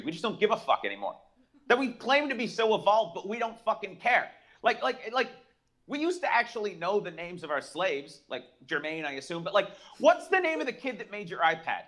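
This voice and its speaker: Male stand-up comic, young adult, high bright voice, fast brash profane delivery. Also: big pitch swings. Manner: brash, profane, rapid-fire joking. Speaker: stand-up comedian. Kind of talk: stand-up comedy set.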